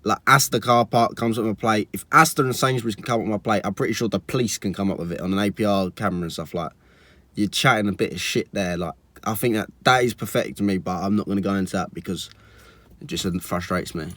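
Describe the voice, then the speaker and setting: A man's voice: fairly low pitch, fast talker, fairly bright tone, dry recording. Exasperated young man, dry. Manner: chatty, exasperated, full of likes and restarts. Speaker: car vlogger. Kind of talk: casual storytime vlog.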